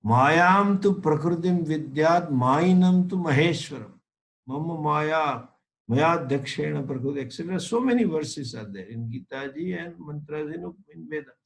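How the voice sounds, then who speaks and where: A man's voice: a little high, expressive, creaky, low-quality recording. A man giving a spiritual lecture as a teacher, making his points emphatically and illustrating them with a story. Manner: deliberate, anecdotal, emphatic.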